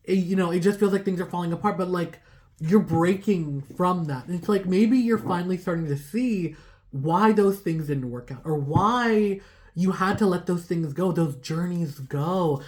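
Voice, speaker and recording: A woman's voice: on the low side, normal speed, a little mellow, a little hiss or hum. A woman giving a casual tarot reading to her viewers, rambling with lots of "like" fillers and laughing at herself. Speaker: tarot reader.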